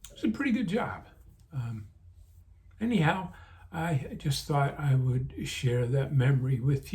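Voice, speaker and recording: An older man speaking at a middle pitch, reminiscing in a relaxed, meandering way. He stops and restarts often, leans on "um" and "you know", and sounds a little sleepy, yawning between thoughts. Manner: rambling, unhurried, many fillers and restarts. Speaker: vlog host. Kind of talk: casual reminiscing.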